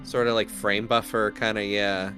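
A man's voice: on the low side, flat delivery, normal speed, over music. A man chatting casually and joking with a friend while streaming a game, cursing often. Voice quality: joking, swears freely.

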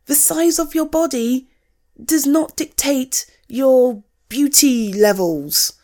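A woman's voice: high-pitched, takes it slowly, a little mellow. A woman playing a young woman's blunt best friend in a one-sided audio role-play, swearing freely and giving frank tough love. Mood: blunt caring. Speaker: friend talking to the listener.

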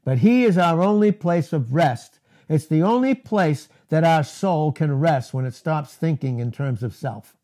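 A man preaching a sermon, deliberate and emphatic, repeating key words for stress. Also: on the high side, lively intonation, dark tone.

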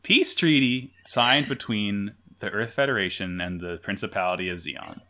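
A woman's voice: a bass voice, moderate pace, pushed and bright. A woman co-hosting a podcast, chatting casually and enthusiastically, often repeating words as she talks. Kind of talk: casual chat.

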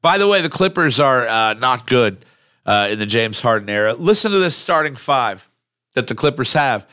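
Bright-voiced blunt male podcast host. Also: mid-range voice, moderate pace, dry recording, studio quality. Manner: animated, blunt, swears and laughs. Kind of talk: casual chat.

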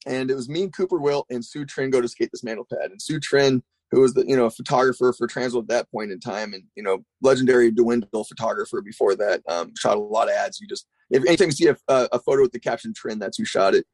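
A man's voice: mid-range voice, fast talker, few pauses, a little mellow, dry recording. A man telling rambling, profane stories as a guest in a casual chat. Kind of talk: casual storytelling.

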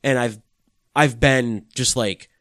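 A man's voice: medium pitch, steady tone, slow pace, fairly bright tone, no echo, studio quality. A young man co-hosting a casual podcast chat, rambling with lots of "like" and swearing freely. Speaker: podcast co-host.

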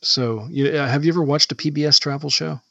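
A man with a gravelly, bright-edged voice chats casually as a podcast co-host. He rambles and restarts his sentences. The recording is slightly dull and lo-fi. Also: a little high, steady tone, no room sound. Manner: rambling, halting, hesitant. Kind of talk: casual chat.

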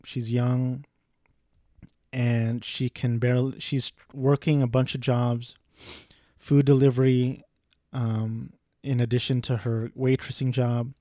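Male reviewer, casual rambling delivery with profanity, warm low-key tone, dry room. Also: flat delivery, slow pace, no room sound. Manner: rambling, profane, self-deprecating. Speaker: movie reviewer. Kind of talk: casual movie review monologue.

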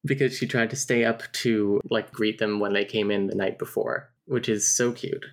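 A woman with a very deep, low voice talks casually through a book on her podcast. She is frank, swears now and then and laughs easily. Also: fairly even intonation, normal speed, gravelly, slight background noise. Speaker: podcast co-host. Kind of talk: casual book-club chat.

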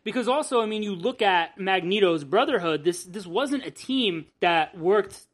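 A woman's voice: mid-range voice, animated, normal speed. A woman hosting a podcast in casual chat, talking loosely with restarts and the odd swear word. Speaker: podcast host.

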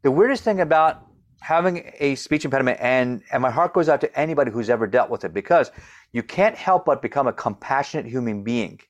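A man's voice: medium pitch, a little fast. Man with a stutter, explaining eagerly. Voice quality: stutters, repeating opening sounds. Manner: explains with demonstrations, energetic. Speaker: guest coach. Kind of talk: conversational interview.

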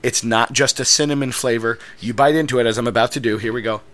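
A man chatting casually, reviewing a donut and telling a story in a measured, patient way. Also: mid-range voice, steady tone, fairly bright tone. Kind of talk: casual chat, food review.

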